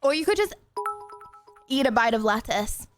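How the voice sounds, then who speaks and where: A woman's voice: on the high side, lively intonation, moderate pace, faint music behind. A young woman streaming live, chatting casually and rambling to her viewers while she eats. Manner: rambling, chatty, talks to chat.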